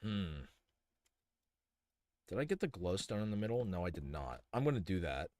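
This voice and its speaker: A man's voice: low voice, very animated, normal speed, darkish tone, no room sound. A young man casually thinking aloud as he streams a building game, rambling with many fillers and restarts. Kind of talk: casual live-stream commentary while building.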